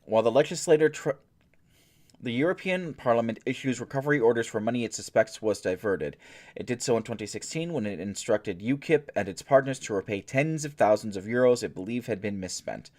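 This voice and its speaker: A man hosting his own show, reading news articles aloud and breaking off for dry, sarcastic asides in an unhurried, halting way. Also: medium pitch, animated. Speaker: streamer and host.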